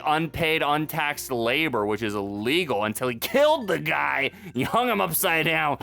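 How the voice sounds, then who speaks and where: Sarcastic young man with lively delivery. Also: a little high, normal speed, hardly any pauses, soft background music. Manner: sarcastic, deadpan asides. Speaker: video commentary host. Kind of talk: comedic recap commentary.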